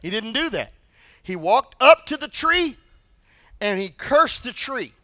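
A male pastor preaching a sermon in an animated, humorous storytelling manner. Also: very high-pitched, unhurried, dry recording.

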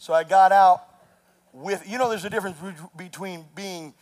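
High-voiced preaching pastor. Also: male voice, moderate pace. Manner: preaching, builds to shouts, tells stories with laughter. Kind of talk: sermon.

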